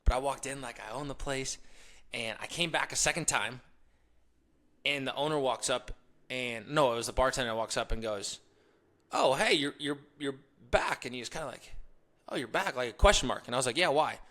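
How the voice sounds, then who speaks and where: A man giving a motivational talk as host, telling stories with energy and shifting between hushed asides and loud emphasis. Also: medium pitch, brisk. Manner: energetic storytelling, laughs while telling stories. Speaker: podcast host.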